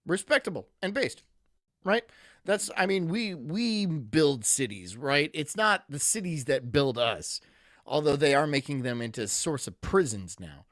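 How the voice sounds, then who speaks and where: A man's voice: a little high, fairly bright tone, dry recording, studio quality. A man streaming casually, reading chat aloud and rambling through jokey asides.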